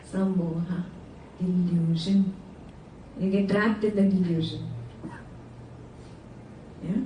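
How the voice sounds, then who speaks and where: A woman teaching a class on a sacred text in an animated way, often checking in with her students with quick questions. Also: on the low side, echoey room, recorded from a distance, a little hiss or hum, poor audio. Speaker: scripture teacher. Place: indoor class room with students.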